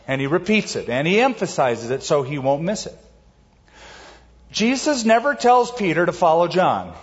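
A man preaching a sermon as pastor, emphatic, varying his pace and slowing words down for stress. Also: on the high side, in a large hall, muffled recording.

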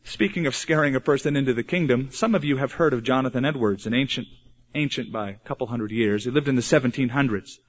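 Earnest preacher man, lo-fi recording. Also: medium pitch. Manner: earnest preaching with sudden emphatic slowdowns. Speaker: pastor. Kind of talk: sermon. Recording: dull lo-fi sermon recording.

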